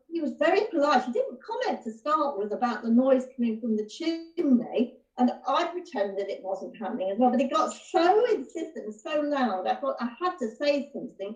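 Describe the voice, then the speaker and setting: A woman tells an improvised comic story in a chatty, genteel way. Her voice sits high. The video call sound is roomy, with the mic set well back. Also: a little mellow, far from the mic, dull audio. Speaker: drama group member.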